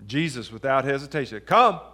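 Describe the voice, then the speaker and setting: A man with a slightly high voice preaches a sermon. He reads scripture aloud and talks it through in a conversational way, often asking the congregation questions. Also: lively intonation, normal speed, a bit bright. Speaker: pastor.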